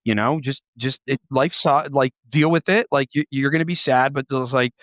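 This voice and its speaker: A man hosting a casual podcast, rambling through stories with constant fillers and plenty of swearing. His voice sits at a middle pitch and sounds a little muffled and lo-fi. The room is dry, with no echo. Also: normal speed, a bit bright. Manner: rambling, heavy filler words, frequent swearing. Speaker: podcast host, former police officer. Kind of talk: casual podcast chat, storytelling.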